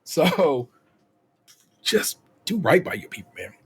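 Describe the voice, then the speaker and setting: A man's voice: on the high side, slow pace, breathy edge. A man co-hosting a casual podcast, ranting profanely with many restarts and acting out other people in quotes. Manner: animated, voices others in quotes. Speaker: podcast co-host.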